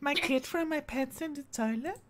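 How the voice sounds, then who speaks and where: A woman in casual chat on a live voice-chat stream, crude and excitable. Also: high-pitched, moderate pace, a loud crowd.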